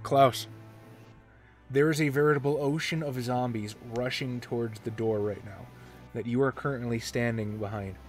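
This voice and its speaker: A man acting as game master, narrating a tabletop horror game and making brisk rules calls. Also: mid-range voice, steady tone, soft background music. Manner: brisk, matter-of-fact rules calls mixed with vivid scene narration.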